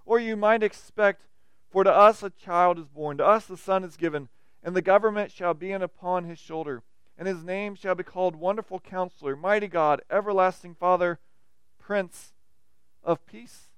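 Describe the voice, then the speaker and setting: High-voiced male pastor preaching. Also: moderate pace, a bit bright, smooth, no room sound. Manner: preaching with rising and falling emphasis. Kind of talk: sermon.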